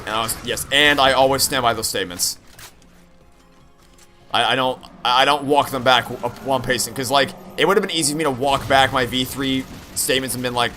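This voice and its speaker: A man's voice: medium pitch, brisk, sharp tone, soft background music. A young man streaming a game, rambling candidly with frequent restarts and profanity. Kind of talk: live-stream chat while gaming.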